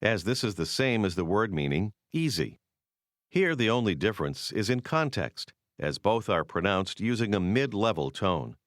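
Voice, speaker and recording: A man narrating a scripted language course in a measured, explanatory way, close to the mic. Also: lowish voice, very animated, dry recording.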